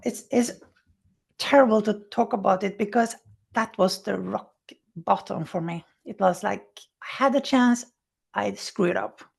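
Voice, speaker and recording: A woman being interviewed, telling her recovery story in animated, halting, non-native English, acting out what people said. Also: mid-range voice, vocal fry, breathy edge. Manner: animated storyteller who acts out quoted speech. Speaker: interview guest. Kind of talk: personal recovery story told in conversation.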